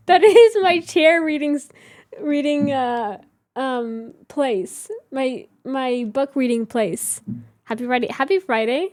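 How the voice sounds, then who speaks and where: A woman in her thirties with a high voice chats casually with her viewers. She is giggly and talkative. The sound is dry and close, with no room echo. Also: slow, pauses often, darkish tone. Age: 30s. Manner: chatty, giggly, reads chat aloud. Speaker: livestream host. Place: home room with reading chair.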